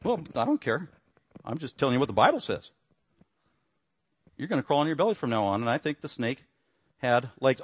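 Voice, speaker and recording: A male pastor delivers a sermon in a fairly high voice, animated and full of rhetorical questions. His voice sits close and dry, with no room sound around it. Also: normal speed, long pauses, breathy edge, dry recording.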